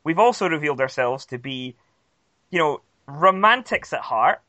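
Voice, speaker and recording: A playful man co-hosting a podcast who teases his partner. His voice is bright and a bit high, recorded close and dry. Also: lively intonation, normal speed, dry recording. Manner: playful, teasing. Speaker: podcast co-host. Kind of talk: casual chat.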